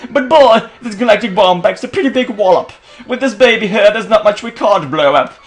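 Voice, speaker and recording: A man's voice: high voice, lively intonation, fairly quick, voice pushed up. A man voicing a cocky male villain grunt in a put-on British-sounding accent, rude and brash. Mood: taunting.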